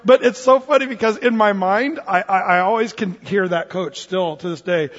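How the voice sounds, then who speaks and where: A male pastor preaches in a loose, conversational way, often restarting his sentences. His voice sits fairly high for a man and has a husky grain. The recording is dull and muffled, with a long hall echo. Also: normal speed, a bit bright. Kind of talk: sermon.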